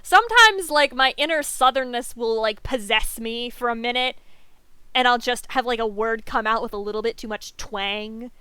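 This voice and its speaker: Giggly, bright-voiced young streamer woman. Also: a little high, moderate pace, clean tone, no room sound. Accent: light Southern US. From Southern US. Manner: chatty and giggly, rambling with many fillers. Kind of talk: casual chat while streaming a game.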